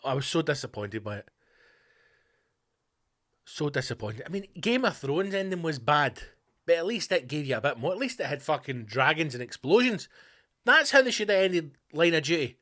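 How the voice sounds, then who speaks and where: A Scottish man rants with heavy swearing and dry sarcasm as he hosts his own show. His voice sits a bit higher than most men's. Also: sing-song, moderate pace, pauses often, sharp tone. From Scotland. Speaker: podcast host. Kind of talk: profane comedic rant.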